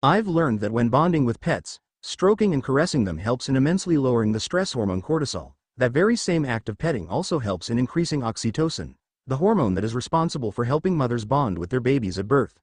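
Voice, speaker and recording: A man voicing a confident, teasing young noblewoman in a read-aloud fan story, speaking calmly and coaxingly. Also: medium pitch, quick pace, hardly any pauses, no room sound, studio quality.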